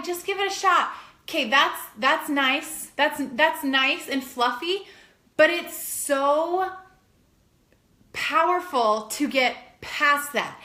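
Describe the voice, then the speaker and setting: A woman's voice: high-pitched, pushed and bright, roomy sound. A young adult woman, a health and fitness coach, giving an earnest, emphatic motivational talk to camera.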